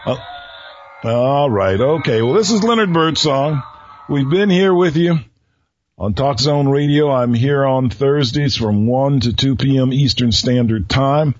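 A man hosting a radio talk show who tells riddles to his listeners slowly, repeating each one and pausing before the answer, with a folksy manner. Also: mid-range voice, expressive, darkish tone, dry recording. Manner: folksy, chuckles at his own jokes. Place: radio studio. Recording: dull lo-fi radio recording.

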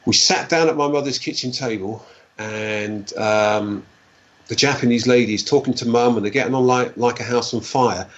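A man, a guest recounting a personal story in a halting way, repeating words and adding "like, you know". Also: medium pitch, dull audio.

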